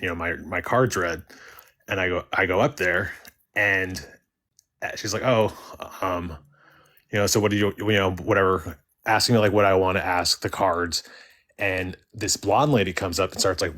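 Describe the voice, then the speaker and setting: A man's voice: sits low, fairly bright tone. A man calling in to a live stream, telling a story casually and rambling with many filler words. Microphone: live stream call-in.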